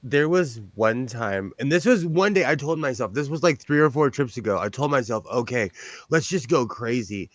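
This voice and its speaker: A man's voice: medium pitch, lively intonation, normal speed, no echo, studio quality. A man chatting casually on a show as a guest, rambling and self-mocking, breaking into laughs often. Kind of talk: casual chat.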